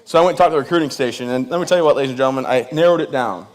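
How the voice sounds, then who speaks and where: A man's voice: mid-range voice, rapid-fire. Joking man telling stories to a crowd. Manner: joking, self-mocking, laughs at his own jokes; addresses the crowd directly and energetically. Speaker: veteran guest speaker. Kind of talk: humorous storytelling speech to an audience.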